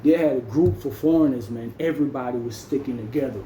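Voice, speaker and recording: A man's voice: medium pitch, fast, warm tone, reverberant, slight background noise, rough recording. A man with a Jamaican accent telling a story in casual slang, dropping "man" into nearly every sentence. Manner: slangy, peppers speech with "man". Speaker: storyteller vlogger.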